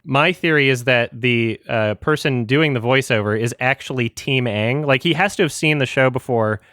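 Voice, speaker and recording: A man's voice: mid-range voice, normal speed, fairly bright tone, dry recording, studio quality. A man co-hosting a podcast, telling a rambling story in casual chat, laughing often and restarting sentences. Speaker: podcast co-host.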